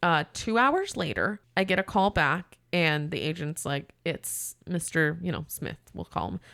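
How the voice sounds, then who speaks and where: A woman guest on a podcast, telling a story in a casual, animated way and acting out both sides of a phone call. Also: fairly low pitch, measured pace, gravelly, no echo, clean studio sound.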